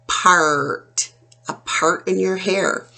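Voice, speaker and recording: A woman teaching a phonics lesson to young children, sounding out words slowly and clearly. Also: fairly low pitch, animated, bright, forceful tone.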